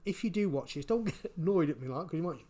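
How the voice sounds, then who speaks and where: A man giving casual spoken commentary, halting and repeating his words, chuckling often. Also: fairly high pitch, lively intonation, dark tone. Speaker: vlogger.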